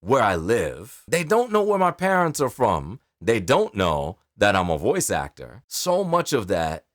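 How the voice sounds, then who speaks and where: Man, New York accent, voice actor, lively swooping pitch, very dry close sound. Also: measured pace, dry recording. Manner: expressive, emphatic storytelling delivery. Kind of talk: direct-to-camera talk.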